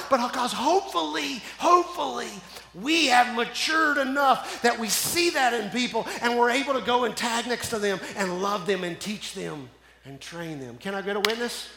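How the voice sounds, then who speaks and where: High, bright-voiced preaching man. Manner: preaching with call-and-response, swinging from loud to hushed. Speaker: pastor. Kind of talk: sermon. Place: church sanctuary. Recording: echoey church hall.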